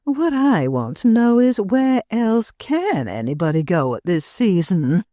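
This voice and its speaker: A woman's voice: mid-range voice, very animated, a little slow, mellow, dry recording, clean studio sound, pitched above the performer's own voice. A woman voicing a languid, gossiping society woman who drawls.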